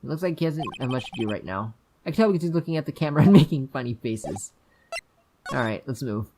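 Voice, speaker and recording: A woman's voice: rumbling low, expressive, fast, dark tone, a little hiss or hum. A woman voicing her own dry, offhand asides while playing through a story game. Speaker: gaming youtuber. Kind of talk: let's play commentary.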